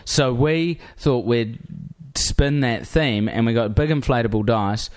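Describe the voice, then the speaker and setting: A man's voice: mid-range voice, measured pace. A man with a New Zealand accent, a comedian telling a story in casual chat and acting out the people he quotes. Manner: animated, acts out quoted people. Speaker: comedian guest.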